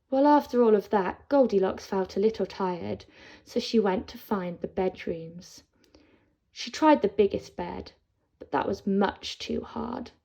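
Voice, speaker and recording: A woman teacher, telling a children's story in an expressive, sing-song way. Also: mid-range voice, a little slow, gravelly. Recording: dull lo-fi sound.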